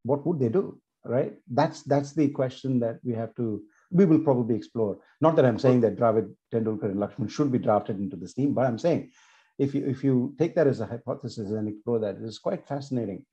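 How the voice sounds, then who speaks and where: A man co-hosting a casual podcast chat, talking thoughtfully with pauses and fillers. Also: mid-range voice, warm tone, highs cut off. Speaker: podcast co-host.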